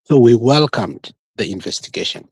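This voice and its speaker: A man's voice: mid-range voice, animated, normal speed, vocal fry, darkish tone, breathy edge, no room sound. A man with a Kenyan accent arguing insistently in a heated livestream debate, talking over others and switching between English and Swahili. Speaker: panelist.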